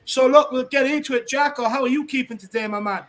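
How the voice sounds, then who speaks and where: This is an Irish man with a remarkably high voice for a man, hosting a casual fan livestream. He is upbeat and chatty, and he greets viewers one by one with local slang. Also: quick pace, a bit bright.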